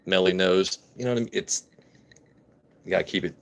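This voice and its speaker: A man with a somewhat low voice hosts a relaxed live stream, tasting whiskey at his desk mic. He chats and jokes with his viewers in an easy, playful way. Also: a little fast. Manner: jokey, chatty, reads and greets chat. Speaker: livestream host reviewing whiskey. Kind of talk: casual live stream chat.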